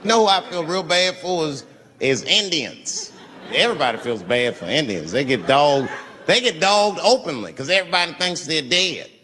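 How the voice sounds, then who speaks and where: A man performing a stand-up comedy routine on a live stage, telling stories with big swings in pitch and volume. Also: expressive, normal speed, sharp tone, big-room sound.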